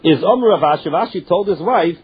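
Translating Talmud text into English for his class, a man reads lines and explains them, restarting frequently. His high, husky voice is expressive and fast, and the audio sounds tinny like a phone line.

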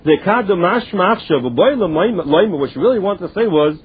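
A man's voice: high-pitched, expressive, normal speed, breathy edge, narrow, tinny audio. A man giving a Talmud lesson, reading the text in a sing-song study chant and translating it line by line. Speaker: Talmud teacher.

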